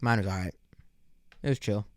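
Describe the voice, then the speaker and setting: A young man rants into a close, dry mic on his solo podcast, his voice smooth and resonant. He swears constantly, drops bro slang, and rambles through stories. He acts out both sides of made-up run-ins. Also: fairly low pitch, moderate pace, dry recording. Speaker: podcast host. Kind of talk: casual solo podcast rant.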